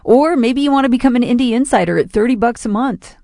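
A woman's voice: on the high side, quick pace, mellow, no room sound, clean studio sound. A woman radio DJ making an informal, earnest on-air appeal for donations.

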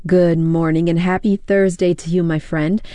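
Congested woman hosting classical radio, husky and low-set, chatty with listeners. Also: level tone, normal speed, no room sound. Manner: warm, chatty greeting to listeners. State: congested from allergies. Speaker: radio host. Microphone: studio microphone.

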